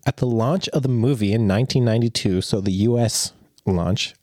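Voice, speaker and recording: A man's voice: fairly low pitch, a little fast, a little mellow, dry recording, studio quality. A man co-hosting a comedy podcast, reading silly facts in a mock-serious tone while fighting back laughter. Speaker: podcast co-host.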